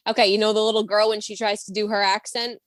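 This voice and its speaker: A woman's voice: mid-range voice, little pitch movement, fast talker, no room sound. Giggly young woman chatting as a guest. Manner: giggly, says "like" a lot. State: pregnant. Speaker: podcast guest. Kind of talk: casual chat.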